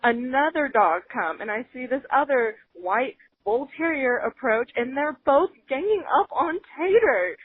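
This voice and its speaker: A woman co-hosting a podcast, telling an upsetting story in an animated, emotional way, near tears and full of "like". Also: sits high, a little slow, hardly any pauses. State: close to tears. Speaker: podcast co-host. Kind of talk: casual chat, storytelling. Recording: phone-like audio.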